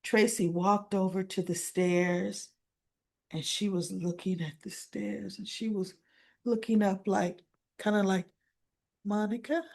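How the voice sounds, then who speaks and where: A woman's voice: medium pitch, steady tone, measured pace, gravelly, a little mellow. A woman recapping a soap opera episode in a casual, chatty way, acting out the characters' lines and laughing often.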